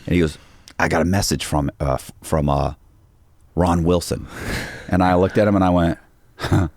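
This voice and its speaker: A man's voice: low voice, little pitch movement, normal speed, darkish tone, dry recording. A man, a podcast guest, telling a long story in a casual interview and acting out the dialogue of the people in it.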